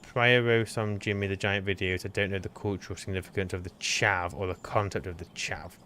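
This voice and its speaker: Bright-voiced man, rambling and hesitant. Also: deep voice, fairly even intonation, a little fast, slight background noise. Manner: hesitant, rambling, restarts his sentences. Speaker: co-host of a gaming stream. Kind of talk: casual chat while gaming.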